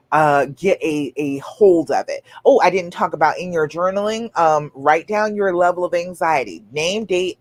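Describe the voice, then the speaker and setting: A woman's voice: deep voice, dry recording. A woman relationship coach giving emphatic advice on a live stream, reading out viewers' questions and acting out quotes with laughs.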